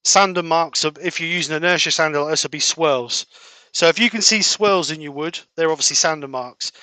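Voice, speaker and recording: Bright, crisp man demonstrating sanding. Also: a little high, fairly quick, dry recording, rough recording. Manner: steady step-by-step explaining. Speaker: woodturning demonstrator. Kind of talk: live-stream turning demo.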